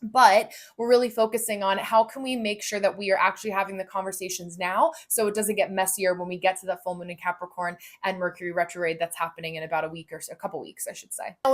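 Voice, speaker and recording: A young woman hosting a relaxed astrology explainer. She talks in a loose, chatty way with lots of "like" and "right?", and slips into little acted voices when she quotes people. Her pitch sits in the middle of the usual range. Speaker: astrology and Human Design host. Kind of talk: casual spoken explainer.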